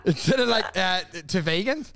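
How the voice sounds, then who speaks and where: A man's voice: high voice, lively intonation, normal speed, gravelly, pushed and bright, dry recording. A man co-hosting a casual comedy podcast, ranting crudely and mocking. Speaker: podcast co-host.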